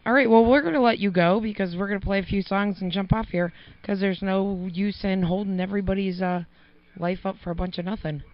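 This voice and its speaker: A man's voice: high voice, steady tone, brisk. A man hosting a casual chat show, blunt and swearing freely. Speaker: radio show host. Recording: dull lo-fi dry recording.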